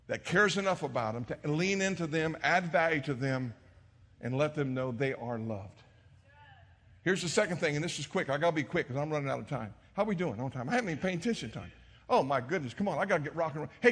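A middle-aged male pastor preaching a sermon, telling stories and swinging from hushed tones to shouts. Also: on the high side, slightly rough, long reverb tail. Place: church sanctuary.

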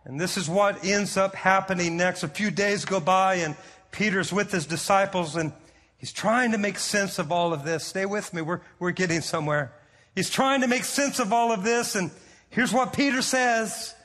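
High-voiced preacher in a reverberant hall. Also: male voice, normal speed. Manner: storytelling, animated, repeats words. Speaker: pastor. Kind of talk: sermon.

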